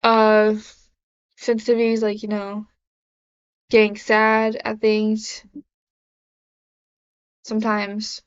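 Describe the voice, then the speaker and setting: A woman's voice: mid-range voice, monotone, slow pace, pauses often, clean tone. A young woman talking casually to camera in a confessional vlog, rambling with many fillers and restarts. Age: young adult. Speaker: vlogger. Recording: dull lo-fi sound.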